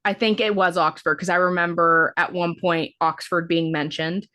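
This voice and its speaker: A woman's voice: fairly low pitch, fairly even intonation, moderate pace, sharp tone. A woman co-hosting a podcast, recapping a film in a casual, rambling way, full of "like" fillers and the odd swear word. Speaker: podcast co-host. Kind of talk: casual movie-review chat.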